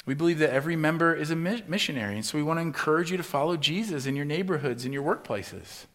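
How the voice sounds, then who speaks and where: A man preaching a sermon as pastor, acting out the voices of the people he quotes and swinging from loud to hushed. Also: on the high side, fast talker.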